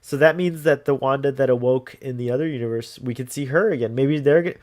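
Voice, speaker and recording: A podcast co-host chats casually, rambling, laughing easily and filling his speech with "like." His medium-pitched voice is a little mellow and fairly quick.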